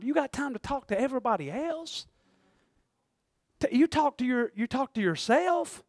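A man preaching a folksy, animated sermon that swings between loud and hushed. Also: very high voice, brisk, no room sound, studio quality. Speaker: pastor.

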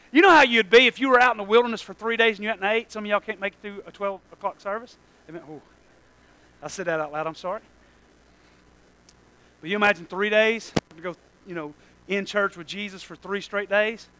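Pastor, man, high and bright, animated, shouting one moment and murmuring the next. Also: rough recording. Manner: animated, joking asides, swings from loud exclamations to low asides. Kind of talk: sermon.

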